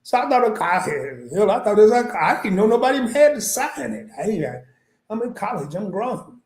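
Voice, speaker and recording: High-voiced man telling a story. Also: sing-song, normal speed, darkish tone. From small-town Arkansas. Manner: laughing, rambling storyteller with frequent restarts. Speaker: podcast guest. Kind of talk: casual storytelling chat. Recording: echoey room.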